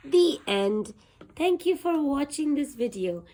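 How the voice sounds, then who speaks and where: Woman reading a picture book to kids; very slow, hugely animated sing-song delivery. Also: sits high. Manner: slow and sing-song, stretching words for young listeners. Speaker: children's book reader and channel host.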